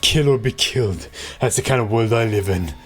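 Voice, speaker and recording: A man's voice: fairly low pitch, moderate pace, soft background music, lightly acted. A man voicing a hot-tempered young male gangster heir in a video game, snarling threats at the others. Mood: hostile.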